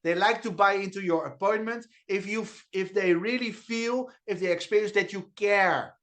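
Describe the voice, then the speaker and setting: A native Dutch speaker with a Dutch accent and a fairly high, bright voice leads an energetic network marketing training over a video call at a moderate pace. Full of enthusiasm, he repeats key phrases and stumbles through restarts and stutters.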